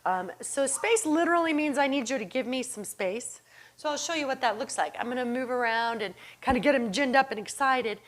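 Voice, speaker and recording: A woman dog trainer showing training cues and explaining them, calm and encouraging, with bursts of excited calling to the dog and soft low praise. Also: brisk.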